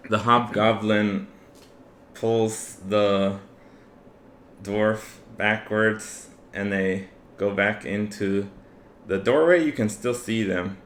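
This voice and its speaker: A man running a tabletop game as game master, narrating the scene in a relaxed way with many fillers. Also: lowish voice, takes it slowly. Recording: echoey room with faint ambient noise.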